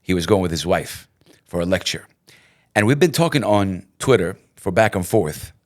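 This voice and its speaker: A middle-aged man, a radio host, talking in a casual interview in an animated way, repeating himself and acting out quotes. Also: sits low, moderate pace.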